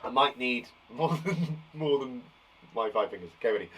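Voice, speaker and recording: A man teaching young children a live phonics lesson, encouraging them warmly and sounding out letters slowly. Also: medium pitch, animated, slight background noise, poor audio. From England. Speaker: primary school teacher.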